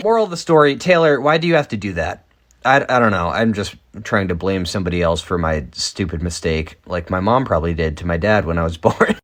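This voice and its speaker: A man in his twenties giving a casual, self-deprecating comedic monologue as a TikTok creator, rambling with quick asides. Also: fairly low pitch. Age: 20s.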